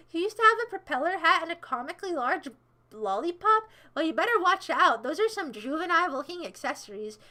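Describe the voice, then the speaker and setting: A woman's voice: sits high, pushed and bright. A young American woman livestreaming, casually rambling and teasing her chat with sarcastic remarks.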